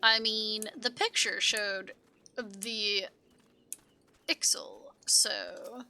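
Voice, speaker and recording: A woman's voice: fairly high pitch, extremely slow, sharp tone. A woman streamer making mumbled, trailing asides while playing a game. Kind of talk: casual gameplay commentary.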